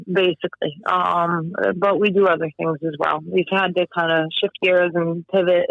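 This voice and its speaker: A woman calling in to a radio show, friendly and quick to laugh. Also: on the low side, creaky, no echo. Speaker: caller, drug policy advocate. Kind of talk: phone-in conversation. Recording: dull, dry phone-in audio.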